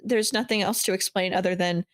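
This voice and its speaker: A woman of middle pitch hosts a casual podcast conversation. She is enthusiastic and full of praise, and her voice sounds dry and close. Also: steady tone, brisk, no room sound. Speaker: podcast host.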